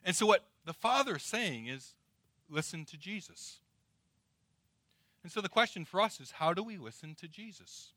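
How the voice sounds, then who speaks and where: A middle-aged male pastor preaching with a bright, forceful edge and a slightly high voice. He swings from loud emphasis to hushed, drawn-out words. The sound is dry and close. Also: sing-song, dry recording. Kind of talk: sermon.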